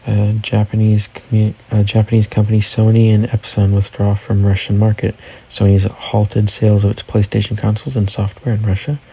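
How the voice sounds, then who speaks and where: A man's voice: on the low side, gravelly, mellow, husky, poor audio. A man hosting a casual news recap, reading headlines and adding offhand personal comments. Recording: faint background noise.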